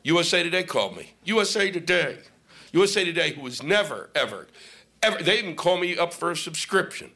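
A man's voice: a little high, big pitch swings, fairly quick, noisy background. A male stand-up comic doing a profane, ranting set on stage into a microphone. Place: comedy stage with audience laughing.

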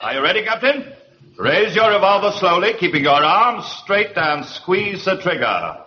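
An actor playing a stern, sarcastic army major who barks orders, in a muffled old broadcast with hiss. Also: male voice, high-pitched, very animated, normal speed. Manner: barking, sarcastic, commanding.

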